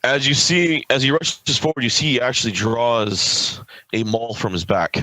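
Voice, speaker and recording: A man from California narrating a tabletop game as game master, in quick, offhand narration. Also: medium pitch, fairly even intonation, a crowd in the background, low-quality recording.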